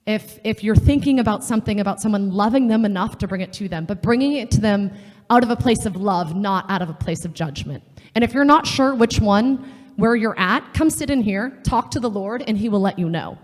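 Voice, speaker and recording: A woman's voice: mid-range voice, lively intonation, brisk. Earnest woman speaking in a reverberant hall. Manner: earnest, conversational storytelling with acted-out quotes. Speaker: speaker at a women's session. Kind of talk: faith talk to a live audience.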